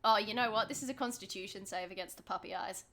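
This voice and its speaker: A woman's voice: medium pitch, fast talker, sharp tone. A woman running a tabletop game over a call as game master, playful and laughing often.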